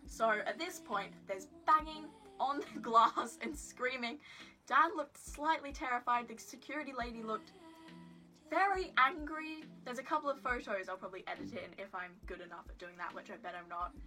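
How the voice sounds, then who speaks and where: A woman's voice: a little high, moderate pace, pushed and bright, soft background music. A woman telling a story to her phone camera in a casual vlog, giggly and rambling with lots of "like" and self-deprecating asides. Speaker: vlogger.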